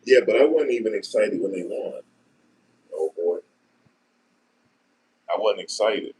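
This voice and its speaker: A man, talking casually and deadpan to his viewers, musing and repeating himself in slangy speech. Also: fairly low pitch, unhurried, slight background noise. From New Jersey, USA. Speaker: vlogger. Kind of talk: casual rambling monologue.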